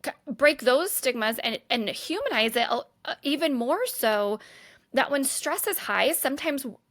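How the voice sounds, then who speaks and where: A woman who hosts a podcast and works as a therapist. Her voice sits a little high, and she talks in an earnest, thinking-aloud way, full of restarts and "right?". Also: expressive, moderate pace, fairly bright tone. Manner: thoughtful, earnest, restarts often, says "right?". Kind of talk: podcast interview.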